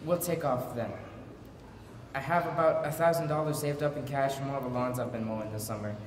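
A male performer gives a teenage son, desperate and earnest, pleading with his mother in a stage monologue, his voice sitting at an ordinary middle pitch. He sounds like he is captured from far off in an echoey hall with a long ringing tail and faint background noise. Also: lightly acted. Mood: hopeful. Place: school auditorium.

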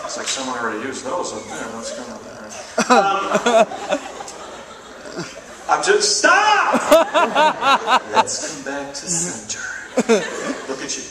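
Animated male stand-up comic, ranting. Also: medium pitch, brisk, heavy background noise. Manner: animated ranting, profane, mock outrage. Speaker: stand-up comedian. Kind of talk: stand-up comedy set. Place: live comedy venue. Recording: echoey room, distant mic, loud audience.

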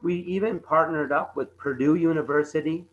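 Halting man presenting conservation slides. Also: fairly high pitch, muffled recording. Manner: halting, repeats words, many fillers.

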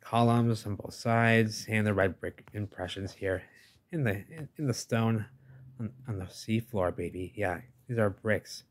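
A man with a fairly low voice commenting over video footage. He talks emphatically and dismissively, circling back to the same catchphrases again and again. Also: unhurried.

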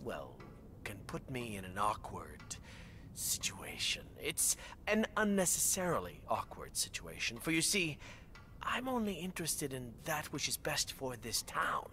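Smooth game villain, bright, animated, condescending. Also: male voice, medium pitch, unhurried, slight background noise. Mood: menacing. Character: smug corrupt male politician, menacing. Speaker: villain politician. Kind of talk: game voice acting.

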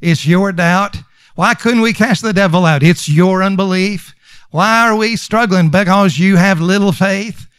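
A man's voice: high-pitched, unhurried, fairly bright tone, clear, resonant tone, no room sound. A man preaching a sermon as pastor, emphatic and conversational, repeating lines for stress. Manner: conversational with fillers and restarts.

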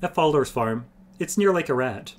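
Guy reading as an earnest young farm lad, flat matter-of-fact tone, a bit higher than his own voice. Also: normal speed, lightly acted. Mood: plain-spoken. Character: earnest farm-raised young man, plain-spoken and firm.

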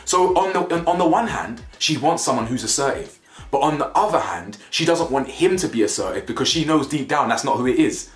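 Talking casually about a reality show, this reviewer is blunt and slangy, saying things more than once to drive them home. His voice is medium-pitched, animated, and a little fast, with faint music in an echoey room.

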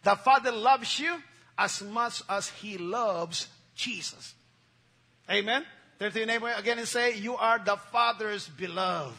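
High bright-voiced preacher. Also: male voice, measured pace, vocal fry. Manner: emphatic call-and-response preaching with repetition. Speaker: pastor. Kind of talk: sermon.

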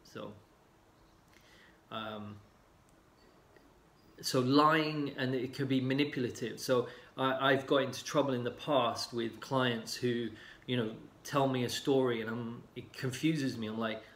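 A man in casual talk, explaining calmly with many fillers and sometimes acting out other people's lines. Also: medium pitch, unhurried, a little hiss or hum. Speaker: healing coach. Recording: roomy echo.

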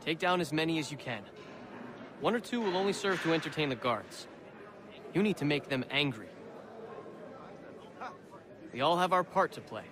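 A man voicing a sly, sardonic imprisoned forger from a video game, lecturing with dry scorn and a slightly raised pitch. A prison crowd murmurs loudly behind the game audio. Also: animated, normal speed, pauses often, lightly acted. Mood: scheming. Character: scheming middle-aged imprisoned male colonial forger. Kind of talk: video game cutscene acting.

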